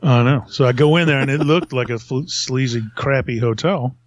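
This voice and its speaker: A man's voice: mid-range voice, normal speed, dry recording. A man telling a long story in casual podcast chat, rambling and self-mocking, laughing often.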